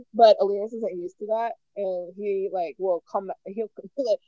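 A woman's voice: medium pitch, fairly even intonation, unhurried, no echo, lo-fi sound. A woman co-hosting a casual chat, telling stories animatedly and laughing often. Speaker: podcast co-host.

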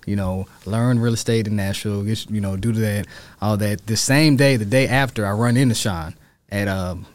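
A man's voice: fairly low pitch, moderate pace, no echo. A man, a real estate agent telling his story in a casual interview and acting out quoted voices. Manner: animated, acts out quotes in a raised voice.

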